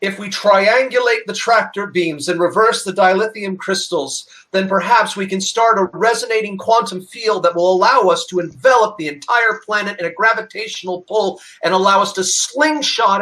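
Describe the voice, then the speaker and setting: A man's voice: high voice, moderate pace, sharp tone. A man playing in a tabletop game, rambling eagerly through his ideas. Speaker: player. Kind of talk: casual tabletop game chat.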